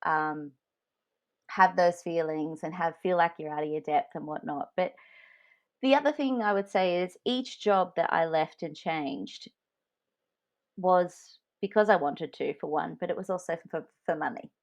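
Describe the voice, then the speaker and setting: A woman's voice: on the low side, a little slow. A woman co-hosting a podcast in casual chat, telling frank stories from her own work life. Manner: candid, frank storytelling. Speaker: podcast co-host.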